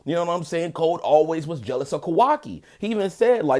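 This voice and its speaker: A man giving a relaxed, conversational review of an anime episode, full of filler phrases and quick self-corrections. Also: on the high side. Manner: corrects himself mid-sentence. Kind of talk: casual spoken episode review.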